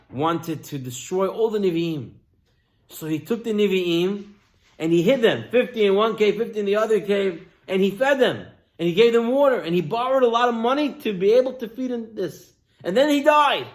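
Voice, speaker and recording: A man with a fairly high voice preaches a sermon as an animated storyteller. He turns to his listeners and speaks to them directly. His delivery swings from loud outbursts down to near-whispers. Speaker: rabbi.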